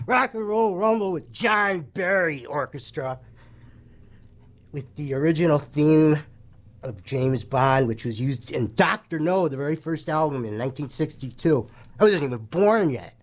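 A male radio host with a slightly higher voice rambles casually through his show. He jokes irreverently and drifts off topic between sponsor reads. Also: animated, a little slow.

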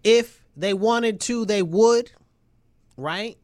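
A man's voice: high-pitched, very slow, a little mellow. A man from New York State delivering an agitated political rant, emphatic and repetitive with many rhetorical questions. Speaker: local political commentator.

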